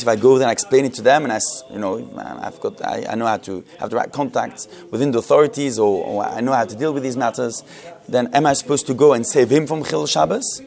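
A man's voice: medium pitch, creaky, darkish tone. A man giving a Jewish law lesson with Ashkenazi Hebrew pronunciation, often restarting words and asking rhetorical questions. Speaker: Torah teacher. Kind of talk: halacha class lecture.

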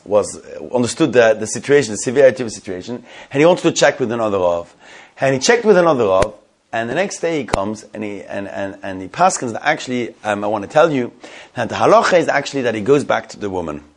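A male teacher telling a story to a class, animated, with many restarts, stopping to quiz students. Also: medium pitch, a little hiss or hum.

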